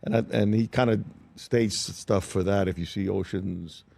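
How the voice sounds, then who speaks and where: Man, older, gravelly, lower voice, dry studio, animated storyteller. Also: moderate pace, no room sound. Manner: animated anecdotes, acts out quoted voices. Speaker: actor guest. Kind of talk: interview storytelling. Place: talk show studio.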